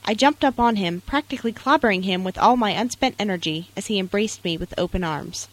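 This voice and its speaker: A woman's voice: medium pitch, a little fast, background noise. A young woman reading a personal essay aloud in an earnest, tender way. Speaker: narrator.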